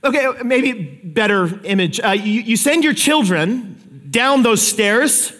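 Animated male preacher in a reverberant hall. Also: high-pitched, takes it slowly. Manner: animated storytelling, acts out quotes. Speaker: pastor. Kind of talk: sermon.

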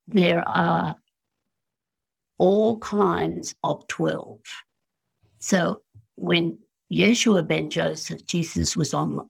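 An Australian woman as an interview guest, telling spiritual stories in a slow, musing way and acting out the voices she quotes. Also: lowish voice, vocal fry, breathy edge.

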